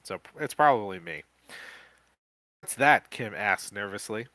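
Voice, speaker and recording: A man co-hosting a podcast, reading a gamebook aloud live in a casual way, with quick joking asides. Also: fairly low pitch, lively intonation, fairly bright tone, no echo.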